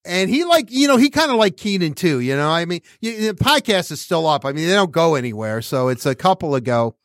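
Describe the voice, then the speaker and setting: A man's voice: a little high, sing-song, fairly quick, no echo, clean studio sound. A man hosting a podcast in casual sports chat, rambling with many restarts and laughing as he talks. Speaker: podcast host.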